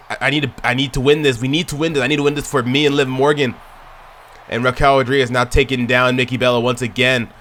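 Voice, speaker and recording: A man giving excitable play-by-play commentary on a wrestling video game, chatting to viewers and shouting at near-falls. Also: medium pitch, a little hiss or hum. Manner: chatty, addresses viewers as y'all.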